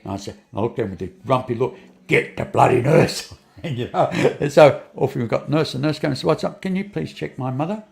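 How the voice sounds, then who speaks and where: A man's voice: medium pitch, fast talker, vocal fry, a little mellow. An older man tells a long personal story as an interview guest. He rambles, repeats phrases and restarts often, and acts out the lines of the people in his story.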